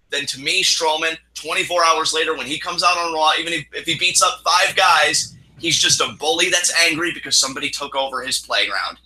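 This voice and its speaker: A man's voice: fairly high pitch, sharp tone, poor audio. A young man co-hosting a wrestling show, ranting heatedly with lots of swearing in a casual chat. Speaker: wrestling podcast co-host. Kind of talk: opinion rant, casual chat.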